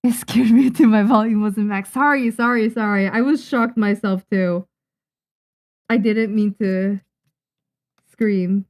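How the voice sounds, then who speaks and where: A young Japanese woman, a manga artist, chatting casually on a livestream while she draws, muttering and calming herself down. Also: medium pitch, unhurried, pauses often. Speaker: manga artist streaming her drawing.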